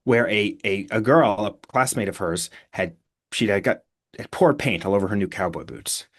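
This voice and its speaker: Speaking in a lowish voice at a moderate pace, a male author swaps stories as a guest on a podcast. He's relaxed and lively, often restarting sentences and leaning on filler words.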